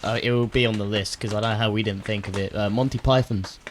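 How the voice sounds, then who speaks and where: A man's voice: lowish voice, steady tone, quick pace, slight background noise. A man co-hosting a comedy podcast, talking casually with hesitant fillers and the odd swear word. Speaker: podcast co-host.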